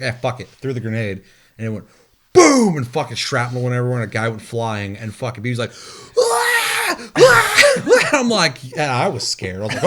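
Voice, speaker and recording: A man co-hosting a gaming podcast, telling stories in a casual, animated, profane way and imitating game sounds. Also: on the low side. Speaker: podcast co-host.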